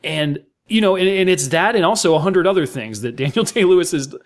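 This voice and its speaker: A man's voice: high-pitched, expressive, a little fast. An American man, a podcast co-host, talking about a film with enthusiastic, effusive praise and many fillers. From United States. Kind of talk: casual film discussion.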